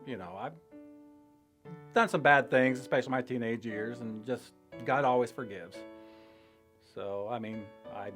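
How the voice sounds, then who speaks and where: Older man telling a halting personal testimony. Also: mid-range voice, fairly bright tone. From Illinois, US. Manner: halting, reflective, laughs between thoughts. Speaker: church member sharing testimony.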